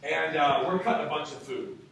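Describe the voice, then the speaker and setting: A high-energy young man, a sales trainer, tells stories to a room of reps with a fairly high, bright voice. He sounds far from the mic in a strongly echoing room, with a faint hiss behind him. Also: fairly quick, creaky. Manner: enthusiastic, high-energy storytelling. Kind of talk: motivational talk to a room. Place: meeting room.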